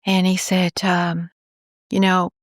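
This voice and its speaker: This woman talks slowly in a voice on the low side, recorded in studio quality with no echo. A cancer researcher from New York, USA, she tells a story in a podcast interview with animation, acting out the other people's lines.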